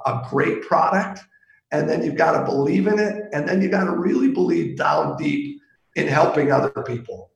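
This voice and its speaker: A middle-aged man from Pittsburgh, a sales executive guest, telling golf stories in a relaxed, anecdotal way with lots of fillers. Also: on the high side, creaky, echoey room, poor audio. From Pittsburgh, USA. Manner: warm anecdotal, chuckles, trails off with fillers. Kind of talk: casual storytelling.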